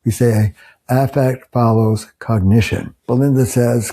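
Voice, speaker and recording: A man's voice: medium pitch, measured pace, gravelly, mellow, husky. An older man, a couples therapist, earnestly explaining ideas to camera and acting out example phrases. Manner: earnest, emphatic, acts out example quotes.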